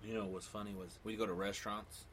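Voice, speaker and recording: A man's voice: fairly low pitch, flat delivery, fast, fairly bright tone, a little hiss or hum. A man telling profane childhood stories in casual chat, acting out quoted lines with big jumps in voice.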